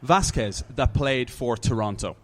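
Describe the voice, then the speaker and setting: A man from Ireland, a soccer broadcaster, talking at a live panel discussion in a brewery, animated and stumbling over words as he works out a point. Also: medium pitch, measured pace. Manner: animated, repeats words while working out a point.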